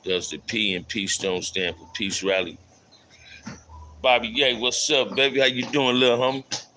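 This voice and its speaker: A man's voice: mid-range voice, fairly even intonation, moderate pace, bright, forceful tone, slight background noise, low-quality recording. A middle-aged man hosting a casual livestream, reading chat aloud, repeating his phrases and calling out viewers in loose street slang. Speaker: livestream host. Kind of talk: casual live stream talk reading chat.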